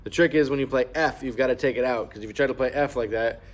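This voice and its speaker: A man's voice: mid-range voice, fast talker. A man teaching a clarinet part, patiently explaining fingerings and markings and singing rhythms aloud to show them. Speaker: band teacher. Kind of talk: instrument lesson walkthrough.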